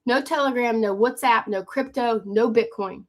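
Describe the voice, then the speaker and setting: A woman hosting a phone live stream, pitching her courses fast and urgently, repeating herself and calling out viewers by name. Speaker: livestream host selling online courses.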